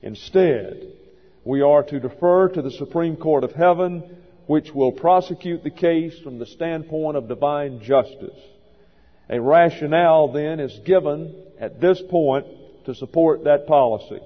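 Man, pastor, methodical lecturing sermon, slightly high voice, dull lo-fi sound, long hall reverb. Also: unhurried. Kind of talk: expository Bible teaching sermon.

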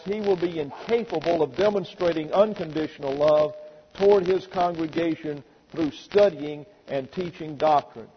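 A pastor preaches to his congregation in a slightly high, emphatic voice, slowing deliberately whenever he quotes scripture. The recording is dull and carries a long church reverb with faint background hiss. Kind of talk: sermon.

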